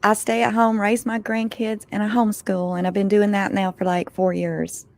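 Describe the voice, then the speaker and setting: A woman's voice: medium pitch, flat delivery, normal speed, creaky, darkish tone, no room sound, studio quality. Folksy woman, comforting. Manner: comforting, folksy, calls people honey. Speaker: panel guest.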